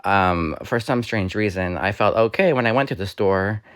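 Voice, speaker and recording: Man with a slightly raspy voice, low-pitched. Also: moderate pace, a bit bright, dry recording, studio quality. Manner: rambling, with fillers and restarts. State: slightly raspy, recovering from illness. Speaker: YouTuber. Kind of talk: casual voice-over for a store walkthrough.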